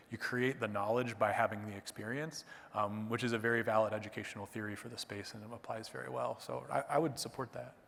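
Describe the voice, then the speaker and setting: A man's voice: lowish voice, a bit bright. A man giving a conference talk and taking audience questions, in a conversational manner that often tags points with "right?". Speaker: conference presenter, clerkship educator. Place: lecture hall. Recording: long reverb of a lecture hall.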